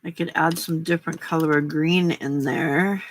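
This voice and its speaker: A woman's voice: deep voice, steady tone, normal speed. A woman hosting a casual late-night crafting livestream, chatting with viewers and her cats between giggles.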